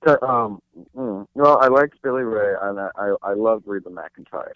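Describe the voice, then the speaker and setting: A man's voice: fairly low pitch, normal speed, dry recording. A young man from New Jersey, a guest actor chatting casually in an interview, rambling with lots of fillers and restarts. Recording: dry tinny phone line.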